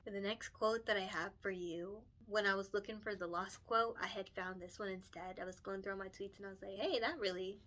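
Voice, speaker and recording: A woman's voice: medium pitch, steady tone, a little fast, hardly any pauses, fairly bright tone, a little hiss or hum. A young woman, a picture book illustrator, chatting casually and earnestly while coloring, with lots of fillers and laughs. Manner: chatty, earnest, many fillers and self-corrections; emotional and encouraging, laughs often.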